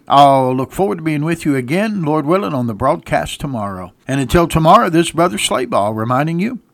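A man's voice: medium pitch, dry recording. A man, a pastor, preaching a radio sermon and hammering points home with repeated rhetorical questions and answers. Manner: emphatic, repeated call-and-response questions. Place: church radio broadcast.

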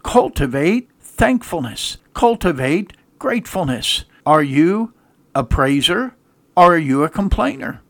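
A man preaches a sermon, his voice gravelly and sitting a little high. He speaks emphatically, stumbling over repeated words as he pushes his points, and he weaves jokes and anecdotes between the scripture he reads. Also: very animated, unhurried. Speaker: pastor.

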